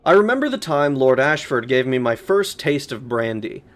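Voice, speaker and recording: A man's voice: mid-range voice, sing-song, moderate pace, lightly acted. A man voicing an aging male butler who looks back on his youth, reading game notes aloud in a mock-formal, wistful put-on voice.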